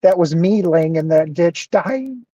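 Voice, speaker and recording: A man's voice: fairly high pitch, animated, measured pace, mellow, dry recording, lo-fi sound. A man talking earnestly and emotionally into his camera in a personal monologue, close to tears and repeating himself. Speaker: vlogger.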